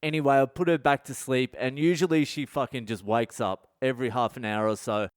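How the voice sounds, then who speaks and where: A middle-aged man hosts a podcast, rambling candidly through a comedic story with heavy swearing. His mid-range voice is steady and brisk with a clean tone, recorded dry with clean studio sound.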